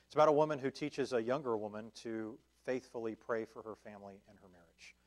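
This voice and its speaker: A man teaches a church Bible study in a relaxed, conversational way. He thinks aloud with ums and restarts and often checks in with his listeners. His voice sits at an ordinary middle pitch. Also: quick pace. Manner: checks in with listeners with a questioning "right?". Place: church meeting room.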